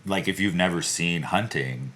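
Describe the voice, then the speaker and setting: A man's voice: low-pitched, moderate pace, a bit bright. A man hosting a podcast, enthusiastic and upbeat as he chats with his guest. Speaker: podcast host. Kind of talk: casual interview chat. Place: live recording in a studio.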